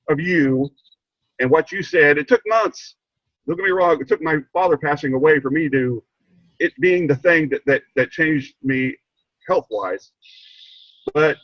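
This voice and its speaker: A man's voice: fairly high pitch, a bit bright, breathy edge, no echo, highs cut off. An older man sharing a heartfelt personal story on a video call, stumbling and repeating himself, getting choked up. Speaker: training participant. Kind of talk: emotional personal testimony.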